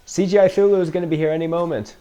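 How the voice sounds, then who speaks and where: A man's voice: a little high, fairly even intonation, rapid-fire, dark tone, a little hiss or hum. A man reacting to a movie for the first time, joking, sarcastic and swearing freely as he comments. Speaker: film reaction host.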